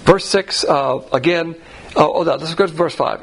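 A man's voice: a little high, moderate pace, slightly rough, low-quality recording. A man teaching the Bible verse by verse in a blunt, folksy way, full of rhetorical questions and acted-out quotes. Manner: acts out quoted voices.

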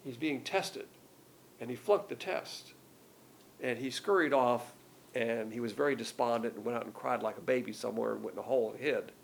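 A man leads a verse-by-verse Bible study with a rough, gravelly edge to his mid-range voice. He explains each passage in plain, everyday words and reads the verses aloud more forcefully. A faint hiss of noise sits behind him. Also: medium pitch, moderate pace, poor audio. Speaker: Bible teacher.

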